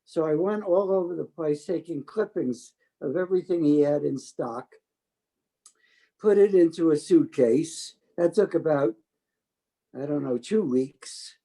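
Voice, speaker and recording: An older man telling stories from his working life, talkative and quick to act out what others said. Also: on the high side, poor audio. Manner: talkative, animated quoting of others. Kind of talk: storytelling oral history.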